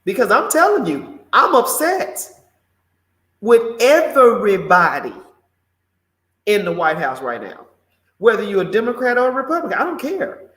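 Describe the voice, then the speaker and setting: A man's voice: high-pitched, big pitch swings, moderate pace, long pauses, fairly bright tone. A man hosting a live morning show, giving outspoken commentary and answering viewer comments in an exclamatory way. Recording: roomy echo.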